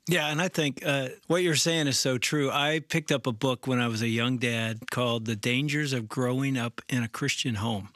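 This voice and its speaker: Animated middle-aged male storyteller. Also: mid-range voice, moderate pace, hardly any pauses, dry recording, studio quality. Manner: animated storyteller, acts out quotes. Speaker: pastor and co-host. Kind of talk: storytelling in a casual chat.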